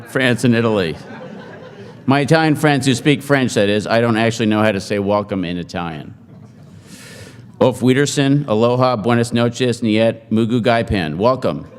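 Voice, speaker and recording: A middle-aged man giving a humorous after-dinner speech, joking in a deadpan, self-mocking way to an audience in a large hall. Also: medium pitch. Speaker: speaker at a forum. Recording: hall reverb.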